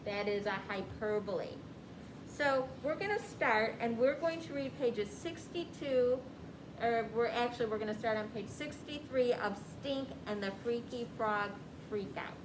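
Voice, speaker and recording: Female teacher guiding her class with questions, echoey room with clear ambience behind her. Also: a little high, a little slow, background noise. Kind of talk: classroom reading lesson.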